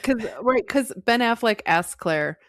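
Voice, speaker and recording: A woman's voice: a little high, animated, a little slow, fairly bright tone, no room sound, clean studio sound. A woman co-hosting a movie podcast, chatting casually and laughing often as she recounts scenes. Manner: giggly, quotes characters while laughing. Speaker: podcast co-host. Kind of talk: casual chat.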